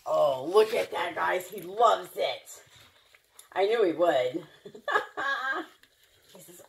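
Female pet vlogger at home; sweet, playful, unhurried talk, bright sing-song delivery. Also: fairly low pitch, sing-song, creaky. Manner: playful, talks sweetly to her dogs and viewers. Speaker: vlogger, dog owner. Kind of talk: casual pet vlog.

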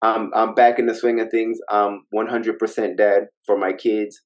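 A man's voice: lowish voice, little pitch movement, moderate pace, highs cut off. A man in his forties, a guest talking casually and chuckling. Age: 40s. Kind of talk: casual interview.

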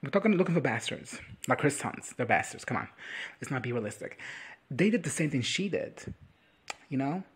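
A young man giving a crude, sassy comedic recap of a TV episode, acting out the characters in quick impressions. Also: medium pitch, expressive, husky. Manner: crude, sassy running commentary with voiced impressions. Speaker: reaction video commentator.

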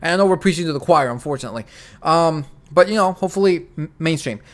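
A man hosting a casual finance podcast, talking in an animated, emphatic way and often repeating his phrases. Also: a little high, fast. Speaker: show host.

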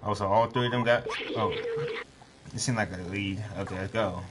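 With heavy background noise and loud game music behind him, a gaming streamer delivers casual let's-play commentary. His fairly low voice keeps a fairly even intonation at a normal speed as he jokes, swears freely, and talks to the screen.

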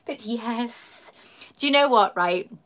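A woman's voice: a little high, slow pace, a bit bright. A woman chatting effusively with viewers on a live stream, greeting them by name as a YouTuber and collector.

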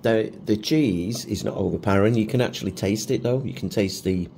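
Middle-aged bloke, chatty food vlog, jokes at himself, lowish voice, bit of hiss behind. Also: male voice, a little fast, gravelly, warm tone. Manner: chatty and self-mocking, with chuckles. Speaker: food vlogger. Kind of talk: casual food review vlog.

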